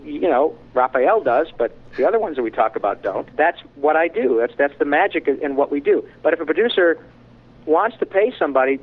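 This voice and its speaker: A middle-aged voice actor telling frank, animated stories in an interview. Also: male voice, on the high side. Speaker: voice actor guest. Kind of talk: candid storytelling in conversation. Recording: tinny phone-like line.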